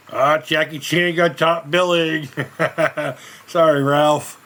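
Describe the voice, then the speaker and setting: A man's voice: fairly high pitch, fairly even intonation, extremely slow, a bit bright. A man hosting his own channel, chatting casually through reaction commentary in a rambling way and swearing freely. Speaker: host of a retro gaming and movie channel.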